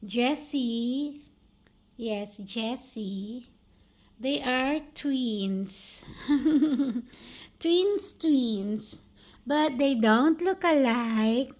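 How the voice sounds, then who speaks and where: A woman, talking to her cats in gentle, sing-song baby talk for a pet vlog. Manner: high, sing-song baby talk with slow drawn-out phrases. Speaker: cat vlogger.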